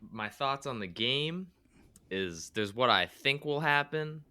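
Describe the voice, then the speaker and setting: A man's voice: medium pitch, animated, takes it slowly, pushed and bright, smooth. A man from the US Northeast, a podcast guest thinking aloud and hedging his soccer opinions. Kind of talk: casual soccer podcast chat.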